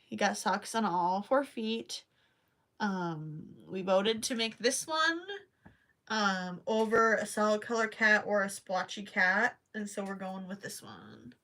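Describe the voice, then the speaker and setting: A woman's voice: mid-range voice, lively intonation, slow pace, pushed and bright. A young woman hosting a casual crochet livestream, chatting with viewers, reading their comments aloud and trailing off now and then to count stitches.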